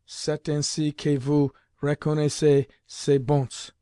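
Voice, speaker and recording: A man's voice: on the high side, level tone, a little slow, mellow, clear, resonant tone, no room sound, clean studio sound, lightly acted. Cold severe French tutor, read by a man. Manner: clipped, formal French phrasing.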